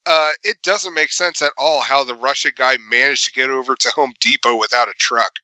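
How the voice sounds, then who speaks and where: Bright-voiced man rambling through a recap. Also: mid-range voice, a little fast, no room sound, rough recording. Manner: rambling, laughing, heavy on fillers. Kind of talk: casual movie recap chat.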